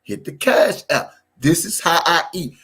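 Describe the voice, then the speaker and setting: A man's voice: a little high, animated, a little slow, pushed and bright, husky, poor audio. A man hosting a livestream, ranting in a mocking, repetitive, profane way. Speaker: livestream host. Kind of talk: heated livestream rant.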